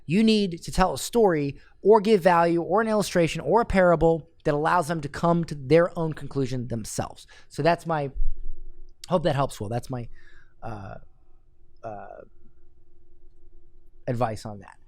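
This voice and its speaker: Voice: mid-range voice, moderate pace, pauses often, a little mellow, dry recording. A marketing coach giving a live, blunt critique of marketing copy, reading drafts aloud and picking them apart.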